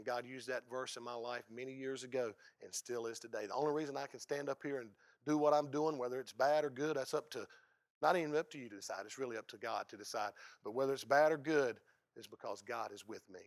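A man preaches a sermon, his mid-pitched voice dropping to hushed lows and then jumping into loud, high bursts. He sounds like he's in his thirties. The sound is dry and close, with no room echo. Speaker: pastor.

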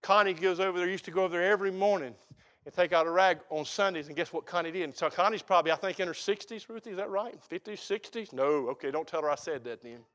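High-voiced folksy preacher. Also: male voice, fast talker, fairly bright tone. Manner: folksy, emphatic preaching with rising exclamations. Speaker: pastor. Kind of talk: sermon.

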